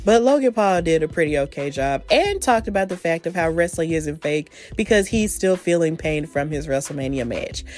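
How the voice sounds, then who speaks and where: A woman hosting a solo wrestling podcast, recapping events in a casual, excitable storytelling manner full of slang. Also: deep voice, normal speed, hardly any pauses. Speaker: podcast host.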